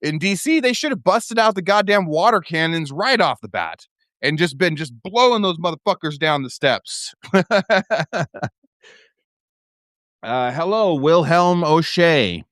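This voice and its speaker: A man's voice: high-pitched, sing-song, a little slow, a bit bright, dry recording, studio quality. A man hosting his own live stream, ranting heatedly and profanely, with many restarts. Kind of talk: casual live-stream rant.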